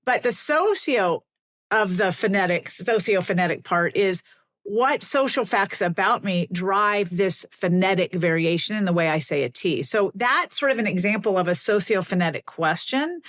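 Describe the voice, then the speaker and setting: A middle-aged woman linguist, a guest on a podcast, explaining ideas in an animated way and laughing often. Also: medium pitch, normal speed.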